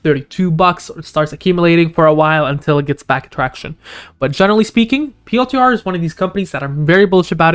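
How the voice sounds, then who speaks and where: In this chart walkthrough shared on screen, a man who runs a stock analysis channel covers indicators and price levels at a rapid clip. He's losing his voice, so it sounds hoarse, and it spikes in pitch whenever he hits a key point.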